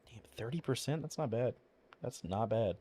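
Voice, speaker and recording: Chatting loosely over his gameplay, this man mumbles, swears a lot, and leans on fillers as he rambles, his voice cracking here and there. He speaks at a normal speed in a medium, slightly rough voice with a warm tone and lively intonation.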